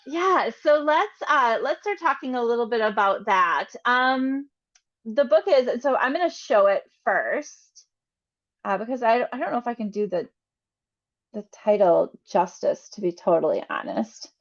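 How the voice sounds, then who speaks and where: A woman hosts an online interview and gushes over her guest with lots of giggles. Her voice sits a little high. The audio is dull and lo-fi, like a video call. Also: lively intonation, measured pace. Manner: enthusiastic, gushing, giggly. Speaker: interviewer, host.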